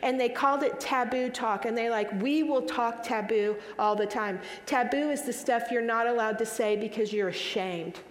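Earnest woman speaker in an echoey hall. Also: on the high side. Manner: emphatic, earnest, repeats and restarts phrases. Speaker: speaker answering audience questions. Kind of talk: live Q&A talk. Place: hall with a live audience. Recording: echoey hall with long reverb.

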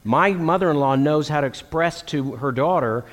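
A middle-aged man preaching a sermon to men, telling stories and acting out the lines of the people in them. His voice sits at an ordinary pitch for a man. It rings with the long reverb of a large hall. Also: moderate pace, hardly any pauses. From Texas. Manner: animated storytelling with acted quotes.

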